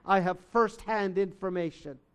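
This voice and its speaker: A man preaching a sermon, telling a story slowly and earnestly and rising to emphatic outbursts. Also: high voice, steady tone, fairly bright tone. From United States. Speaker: pastor.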